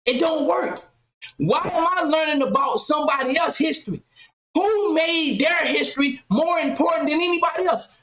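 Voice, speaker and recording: A woman hosting a podcast, talking loudly and passionately, firing off rhetorical questions in casual commentary. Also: high voice, moderate pace, roomy sound, rough recording. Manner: loud, impassioned, rhetorical questions. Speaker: podcast host.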